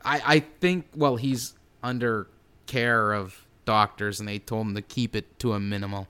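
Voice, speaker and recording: A man's voice: on the low side, fairly even intonation, moderate pace, fairly bright tone, clear, resonant tone. A man co-hosting a comedy podcast, bantering in a dry, joking way. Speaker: podcast co-host.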